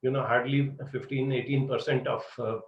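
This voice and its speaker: A man giving students advice, telling an animated story full of "uh" and "you know". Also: medium pitch, normal speed. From India. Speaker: psychology mentor. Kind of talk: advisory talk with storytelling. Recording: roomy, distant, dull lo-fi sound.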